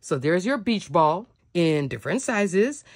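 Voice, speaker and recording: A woman's voice: fairly low pitch, very animated, measured pace, dry recording, clean studio sound. A woman narrating a cardmaking product showcase in a bubbly, gushing manner. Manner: bubbly, gushing, repeats "love" and "so cute". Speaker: cardmaking demonstrator.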